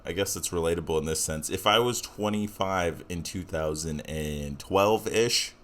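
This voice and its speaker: Low-voiced rambling young podcast host. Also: male voice, normal speed, a bit bright. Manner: rambling, self-deprecating, filler-heavy. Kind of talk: casual solo podcast intro.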